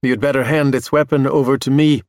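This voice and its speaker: A man's voice: medium pitch, fairly even intonation, a little fast, a little mellow, no echo, close to an everyday voice. A man voicing a menacing four-legged male robot that presses and threatens, in a dry recording. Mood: cold, pushy. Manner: insistent, threatening.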